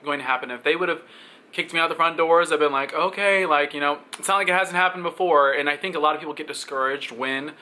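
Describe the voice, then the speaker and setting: A young man vlogging, telling a story in a casual, animated way and acting out the other people's lines. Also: fairly high pitch, fast. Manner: animated, acts out quoted voices.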